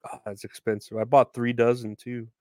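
A young podcast host rambles through news headlines in a casual rant, swearing often and poking fun at himself. His mid-pitched, dark-toned voice stays level at a normal speed. The recording is dry and close, with no room sound.

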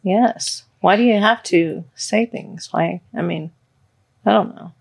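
A woman co-hosting a podcast with her spouse, speaking in a halting, hesitant, emotional way. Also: medium pitch, gravelly, slightly rough. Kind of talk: casual heartfelt podcast chat.

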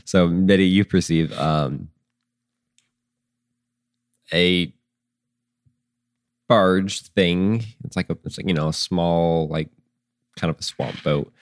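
A man running a tabletop game as game master, talking in a loose, halting way full of ums and likes. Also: sits low, steady tone, no echo, studio quality.

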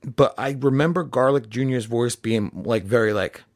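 On a podcast he co-hosts, a young man talks loosely and with profanity about a movie, reviewing it and doing the characters' lines. He speaks at medium pitch and a moderate pace, recorded at studio quality with no room sound.

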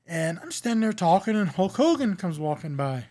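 A man's voice: high voice, sing-song, normal speed, warm tone. A man guesting on a podcast, telling backstage stories from his wrestling past in a rambling, profane, laughing way. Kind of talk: casual storytelling chat.

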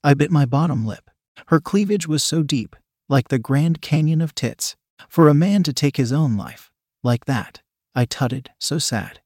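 A man reading a first-person story aloud in a calm, measured, coldly sly manner. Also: fairly high pitch, husky, dry recording, studio quality.

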